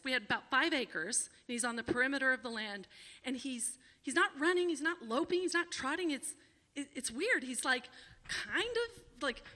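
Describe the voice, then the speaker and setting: A woman in her forties telling a personal story on stage to a small live audience, animated and often laughing. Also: high voice, long reverb tail. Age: 40s.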